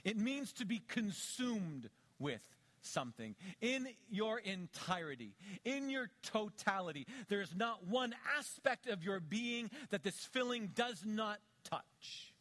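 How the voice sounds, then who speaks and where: A middle-aged male pastor preaching a sermon, swinging between quiet low asides and loud emphatic peaks. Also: very animated, slow.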